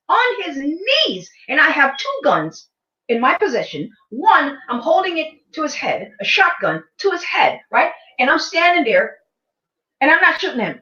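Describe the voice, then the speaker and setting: A woman retelling a film scene in casual commentary, animated and incredulous, often asking "right?" and repeating herself for emphasis. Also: high-pitched. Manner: incredulous, mocking. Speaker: commentary vlogger. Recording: echoey room, dull lo-fi sound.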